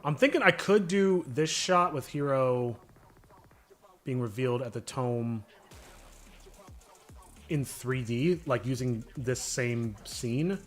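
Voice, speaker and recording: A man's voice: medium pitch, slow pace, long pauses, soft background music. Easygoing man thinking aloud on stream. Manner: relaxed, thinking aloud, chatting with viewers. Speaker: streamer and animator. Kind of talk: casual live-stream chat.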